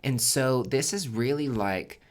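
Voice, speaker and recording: Chatty, expressive male tarot reader. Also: mid-range voice, a little slow. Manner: chatty and expressive, swearing freely, swinging between loud emphasis and near-whispers. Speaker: tarot reader and podcast host. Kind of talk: casual tarot forecast monologue.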